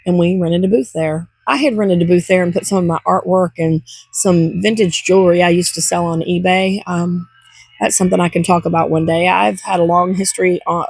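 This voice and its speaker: A woman's voice: fairly low pitch, a little mellow, breathy edge, dry recording. An older woman chatting to camera from home in a rambling, heartfelt vlog. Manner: rambling, chatty, gets teary. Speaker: vlogger. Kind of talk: casual chat to camera.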